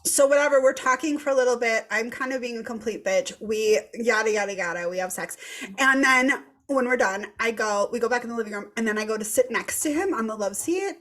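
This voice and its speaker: A woman in her thirties telling a candid, animated story in casual chat, swearing freely and acting out what people said. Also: a little high, fairly quick. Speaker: podcast co-host.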